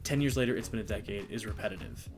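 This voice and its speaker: Man, casual reaction chat, rambling, fast, music playing behind. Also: on the low side. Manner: rambling, thinks aloud, reads lyrics and annotations aloud. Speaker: reaction show co-host.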